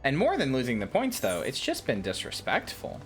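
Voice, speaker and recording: A woman's voice: very deep voice, huge pitch swings, moderate pace, soft background music. Chatty woman streaming a game. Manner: chatty, teasing viewers by name. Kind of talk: casual game-stream chat.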